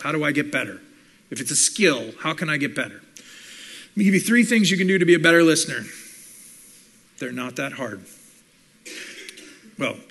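Bright, animated man preaching. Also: medium pitch, creaky, husky. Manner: animated teaching, acts out quoted listeners. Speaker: pastor and communications professor. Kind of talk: sermon.

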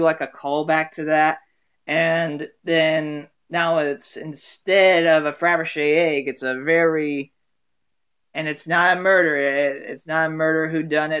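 A man's voice: a little high, flat delivery, unhurried, fairly bright tone, clean tone. A man hosting a casual solo talk from home, rambling with many fillers and restarts.

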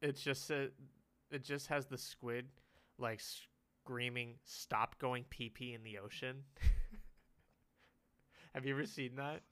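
A man's voice: mid-range voice, steady tone, slow pace, long pauses, fairly bright tone. A young man telling rambling stories on a casual podcast, laughing often. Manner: giggly, rambling storyteller. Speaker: podcast co-host. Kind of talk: casual chat.

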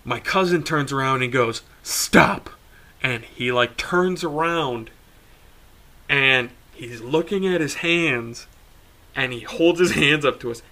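A young man, a podcast co-host, telling a story in casual talk, animated, swearing freely and laughing as he goes. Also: mid-range voice, measured pace.

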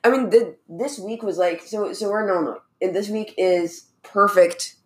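A woman's voice: mid-range voice, normal speed. A woman co-hosting a podcast from home, chatting casually with lots of filler words. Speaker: podcast co-host. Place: home in Illinois, on a couch. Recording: roomy echo.

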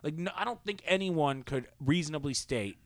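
A man co-hosting a casual sports podcast, talking in opinionated, rambling takes with quick asides. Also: on the high side, lively intonation, no room sound. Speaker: podcast co-host.

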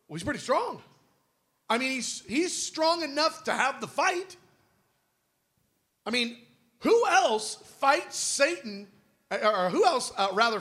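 A man's voice: high voice, pushed and bright. A man preaching a sermon in a conversational, emphatic way, firing off rhetorical questions.

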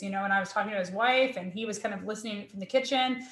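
A woman's voice: mid-range voice, steady tone, racing, few pauses, fairly bright tone. A woman academic, a guest, telling candid personal stories with earnest feeling and frequent restarts. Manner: earnest, emotional, with many restarts. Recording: roomy echo.

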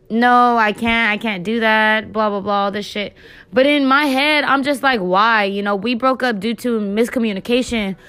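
A woman's voice: on the high side, a bit bright. A young woman hosting a podcast, telling a story in a loose, profane, filler-heavy chat. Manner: chatty, profane, lots of fillers. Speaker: podcast host. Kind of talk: casual storytelling monologue.

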